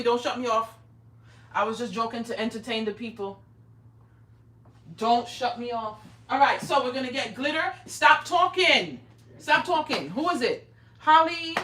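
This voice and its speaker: A woman's voice: sits high, pushed and bright, distant mic. A middle-aged woman hosting a craft livestream from her home craft room, talking in a brash, profane, bossy teasing way. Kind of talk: casual livestream chat while crafting. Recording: roomy echo, speaking away from mic.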